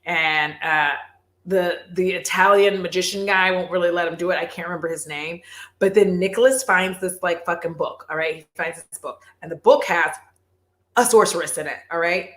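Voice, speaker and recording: A woman vlogger chatting casually on a livestream, animated, swearing and laughing often. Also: lowish voice, moderate pace, reverberant.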